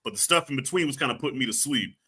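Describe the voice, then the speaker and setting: Animated, bright-voiced middle-aged man. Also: medium pitch, rapid-fire, slightly rough. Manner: animated storyteller, acts out quotes loudly. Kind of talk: casual chat.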